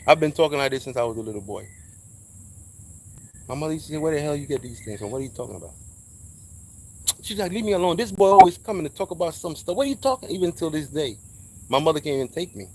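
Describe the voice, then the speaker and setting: A man talks in a casual spiritual monologue, preachy and emphatic, dropping curse words without a second thought. His voice sits at an ordinary mid pitch. He is recorded outdoors, with faint noise and insects in the background. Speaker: speaker sharing spiritual views.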